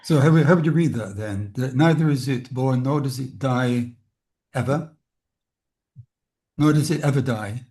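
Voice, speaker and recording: A man's voice: mid-range voice, measured pace, pauses often, darkish tone. A man student in an online class, pressing the teacher with follow-up questions. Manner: probing, questioning.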